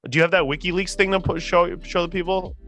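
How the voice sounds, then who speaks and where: A man from Canada co-hosting a casual political chat, excitable, swearing often and restarting his sentences. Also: high voice, fast, soft background music. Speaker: podcast co-host.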